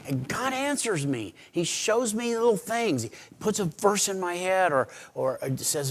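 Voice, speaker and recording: A middle-aged pastor preaching a sermon in an earnest, conversational way, swinging between loud emphasis and quiet pleading. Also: male voice, a little high, animated, normal speed. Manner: conversational, with restarts and asides.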